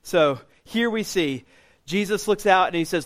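A man in his thirties preaching a sermon as pastor, animated and getting loud when he acts out what others say. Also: high voice, moderate pace.

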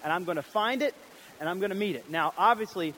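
A male pastor delivering a sermon in a fairly high voice. He is animated and slips into character voices as he tells the story. Faint noise sits under the recording. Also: quick pace, poor audio. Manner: animated, acts out voices of biblical figures.

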